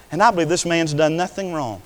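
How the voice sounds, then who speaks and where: An older male preacher delivering an impassioned sermon, swinging between hushed words and loud declarations. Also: a little high. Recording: long hall reverb.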